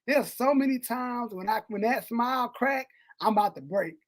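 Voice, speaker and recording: A man co-hosting a podcast in casual chat, animated and slangy, swinging between loud and soft. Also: very high voice, moderate pace, crowd noise. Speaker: podcast co-host. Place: Texas.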